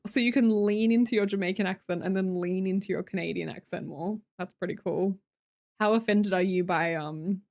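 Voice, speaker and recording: A woman's voice: medium pitch, darkish tone. A young Australian woman chatting casually as a streamer, reading viewer comments aloud and joking around with a teasing, chatty manner. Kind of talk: casual chat with live viewers.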